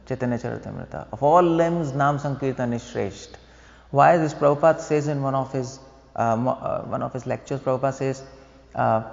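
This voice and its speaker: Here a preacher's medium-pitched, slightly mellow voice, touched with vocal fry, carries a devotional lecture through a temple hall. He's explanatory, asks the audience rhetorical questions, and laughs at his own jokes. The audio is lo-fi and dull, with the echo of the hall.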